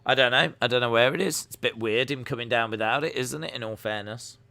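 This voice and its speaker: A man's voice: mid-range voice, quick pace, gravelly, sharp tone. A man hosting a live stream, reacting to wrestling in casual commentary, joking and answering chat messages. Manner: jokey, reads out and answers chat.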